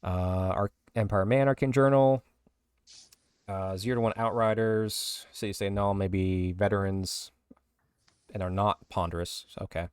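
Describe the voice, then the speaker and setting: A man's voice: on the low side, steady tone, measured pace, a little mellow, clean tone, no room sound, clean studio sound. A man co-hosting a casual podcast, rattling through lists of game rule changes. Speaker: podcast co-host. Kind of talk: casual podcast chat reading rules updates.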